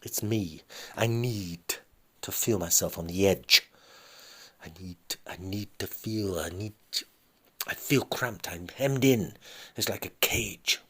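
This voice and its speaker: Man playing a frantic abandoned wife, pleading, breathless, whispery, rising high in distress. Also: takes it slowly, a bit bright, slightly rough, full character voice. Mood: distraught. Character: distraught middle-aged wife, abandoned after decades.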